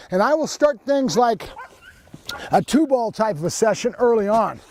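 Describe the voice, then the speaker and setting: A man's voice: very high voice, animated, moderate pace, a little mellow, a little hiss or hum. A man working as a dog trainer, giving a hands-on training demonstration in a plain-spoken, instructional way, wearing a lapel mic.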